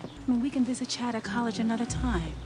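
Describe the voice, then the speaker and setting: An actress playing a kind royal mother in a musical film, speaking softly and reassuringly. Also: on the high side, fast, soft background music, natural voice. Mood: gentle.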